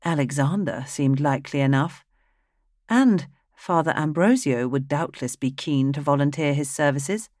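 A woman reading a dark fantasy novel aloud in a steady, even storytelling manner. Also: low-pitched, moderate pace, dry recording, studio quality. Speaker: audiobook narrator. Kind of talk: scripted narration.

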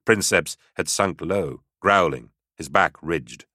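A man with a very deep voice narrates an audiobook in a steady, dramatic manner. His tone is forceful and firm. The recording is dry and close. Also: slow, no room sound.

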